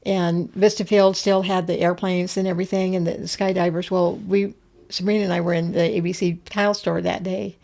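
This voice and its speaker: Older woman telling lively family stories. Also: lowish voice, brisk, gravelly. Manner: animated, acts out quoted voices with laughs. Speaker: guest. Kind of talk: casual storytelling interview.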